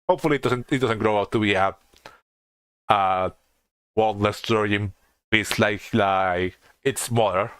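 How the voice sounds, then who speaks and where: A man's voice: on the low side, fairly bright tone, dry recording. A young man giving casual, rambling commentary on a video game he is playing. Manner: rambling, restarts, lots of fillers. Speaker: let's play streamer. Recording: faint game music behind.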